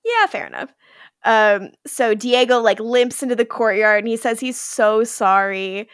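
Woman podcast co-host, animated and fairly high voice, dry close sound, casual recap with playful character voices. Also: no echo. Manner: retells scenes acting out characters' lines in quick impressions; lots of "like" fillers, laughing.

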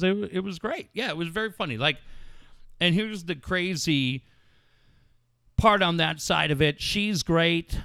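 A man's voice: a little high, creaky, no echo, clean studio sound. A man hosting a sports talk show, telling stories in a casual, profane way. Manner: animated, profane storytelling. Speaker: sports radio host.

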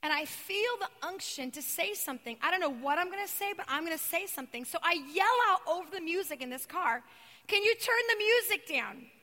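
A woman preacher giving a sermon, telling her story dramatically and swinging between loud cries and hushed, near-whispered passages. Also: very high-pitched, lively intonation, fairly quick, few pauses. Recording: long reverb of a large hall.

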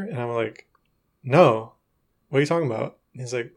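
Man, podcast co-host, casual storytelling, dry low-key delivery. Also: a little fast, darkish tone.

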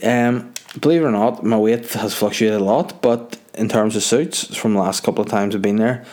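Young Northern Irish man, slightly low voice, for a loose, self-mocking solo podcast monologue. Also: moderate pace, darkish tone. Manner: rambling, jokey, self-mocking. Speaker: podcast host. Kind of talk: casual solo chat.

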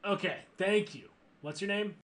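A man plays a protective, hotheaded big brother with a mock-heroic delivery. The voice is high and bright. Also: normal speed. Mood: earnest.

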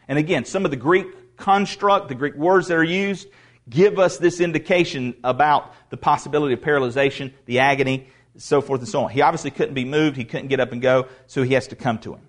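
A man's voice: mid-range voice, brisk. A male pastor preaching a sermon in an emphatic way, repeating words for stress.

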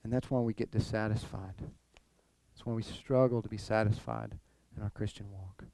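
A man preaching a sermon, animated, repeating his phrases and acting out the people he quotes. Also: fairly low pitch, normal speed, creaky, slight background noise. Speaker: pastor.

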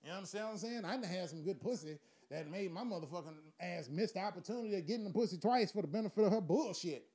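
A man's voice: high voice, animated, fast, hardly any pauses, mellow, husky. A middle-aged man telling crude stand-up stories with lots of profanity, often laughing at his own jokes. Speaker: stand-up comedian.

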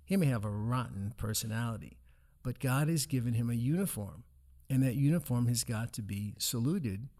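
A man's voice: mid-range voice, animated, moderate pace, warm tone. A man teaching from scripture in a casual discussion, earnest and explanatory, telling stories to make his point.

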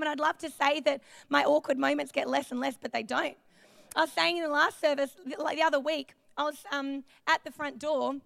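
A woman's voice: high voice, creaky, fairly bright tone, no room sound. A woman preaching a sermon in a chatty, self-deprecating way, telling personal stories in a church.

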